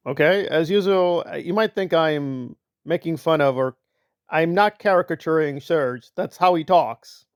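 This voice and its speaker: A man's voice: a little high, a little slow, clear, resonant tone, dry recording. Dry, sarcastic male commentator. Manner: sarcastic, mocking impressions of others. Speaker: commentary channel host. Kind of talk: reaction commentary.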